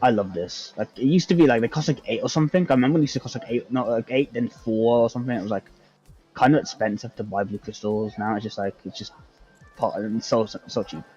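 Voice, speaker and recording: A man's voice: mid-range voice, fast, a little mellow, dull audio, faint music behind. A man on voice chat talking casually while he plays, rambling and thinking aloud with lots of fillers. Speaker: gamer on voice chat.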